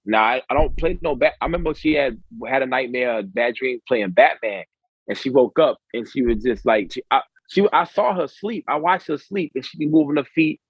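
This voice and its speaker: A man with a husky, breathy edge tells stories in loose, swear-laden podcast chat. The sound is dry and close, with a dull lo-fi quality. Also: medium pitch, brisk, no room sound. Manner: loose storytelling with frequent swearing. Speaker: podcast co-host. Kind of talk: casual chat.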